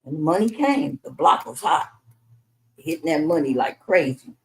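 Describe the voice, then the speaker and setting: A woman's voice: low voice, very animated, moderate pace, low-quality recording. A middle-aged woman telling her son her life story, frank and conversational, with frequent restarts. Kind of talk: candid personal storytelling in conversation.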